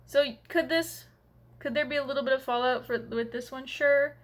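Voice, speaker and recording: Casting: woman, beauty vlogger, loose rambling chat, voice a touch high. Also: moderate pace. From Canada. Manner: chatty, rambling, filler-heavy. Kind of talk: casual makeup review.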